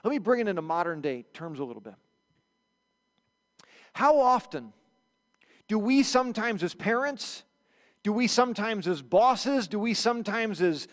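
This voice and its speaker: Male pastor, storytelling preacher, high voice, reverberant sanctuary. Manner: animated storytelling, acts out quotes. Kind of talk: sermon. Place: church sanctuary.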